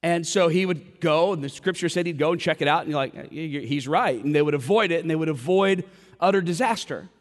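A man preaching a sermon as a pastor, retelling a story with dramatic quoted voices. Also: sits high. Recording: long hall reverb.

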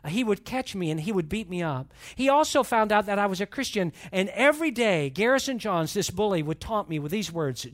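A man's voice: high-pitched, expressive, a little fast, hardly any pauses. A man preaching a sermon as pastor, reading and retelling a story with rising, emphatic intensity. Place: church.

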